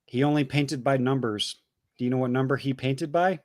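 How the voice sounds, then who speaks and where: A casual man co-hosting a livestream, reading chat messages out with crude jokes. He tends to stumble and repeat words as he goes. His voice sits at a middle pitch and is recorded dry and close. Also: fairly even intonation, fairly quick, no room sound.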